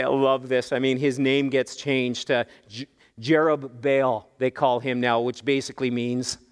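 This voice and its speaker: A male pastor with a fairly high voice delivers an animated sermon, swinging into quoted voices as he retells the story. His words ring through the long reverb of a church hall.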